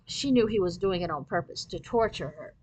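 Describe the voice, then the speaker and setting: A woman's voice: lowish voice, expressive, fairly quick, darkish tone, slight background noise, low-quality recording. A woman storyteller reading a children's novel aloud expressively.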